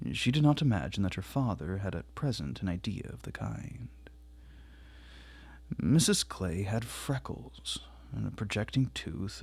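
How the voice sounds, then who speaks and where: A man reads a classic novel aloud at a measured, quiet pace. His voice sits low, with a gravelly fry and a husky, breathy texture. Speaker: audiobook reader.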